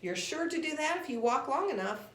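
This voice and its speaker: A woman voicing a sly, teasing cat who talks in riddles for a storybook reading, with lively pitch. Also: brisk. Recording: roomy echo.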